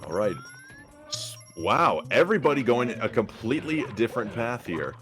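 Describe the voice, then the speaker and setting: A man giving energetic, joking live play-by-play commentary on a speedrun race. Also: medium pitch, moderate pace. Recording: music playing behind.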